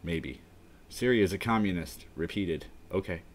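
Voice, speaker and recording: A man hosting a casual live stream, rambling and mumbling his thoughts out loud in a warm indoor room. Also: deep voice, normal speed. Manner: rambling, mumbling, talking to himself.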